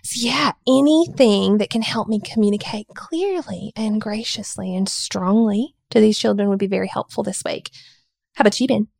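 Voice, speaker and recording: A woman in her thirties co-hosts a parenting podcast, telling family stories in an expressive, animated way. Her mid-pitched voice has a gravelly fry, recorded dry and close with no room echo. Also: moderate pace. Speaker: regular podcast co-host. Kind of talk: casual parenting chat.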